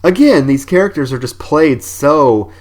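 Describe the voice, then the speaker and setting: A man's voice: a little high, animated, measured pace. A man co-hosting a film podcast, recapping scenes in a loose, chatty way and swearing freely. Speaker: podcast co-host. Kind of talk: casual film review chat.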